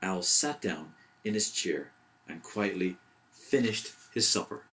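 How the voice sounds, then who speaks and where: A man reading a bedtime story aloud in a gentle, even storyteller manner. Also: low-pitched, slow.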